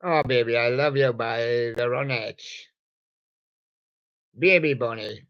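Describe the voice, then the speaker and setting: Slow, rambling male radio host. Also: mid-range voice, a bit bright. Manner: meandering, mumbling, talks to toy guests. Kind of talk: rambling live radio chat. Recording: dull lo-fi recording.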